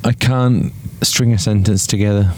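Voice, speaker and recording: A man's voice: fairly low pitch, steady tone, moderate pace, background noise. A man, tipsy and hiccupping, chatting dryly with a friend outside a football ground. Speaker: podcast co-host. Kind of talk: casual chat with a friend. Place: outdoors near a football ground.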